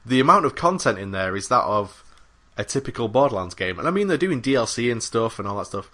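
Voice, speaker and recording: A man's voice: mid-range voice, big pitch swings, fast, bright, forceful tone. A man co-hosting a gaming podcast, talking casually and rambling with many fillers and restarts. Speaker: podcast co-host. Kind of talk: casual chat about games.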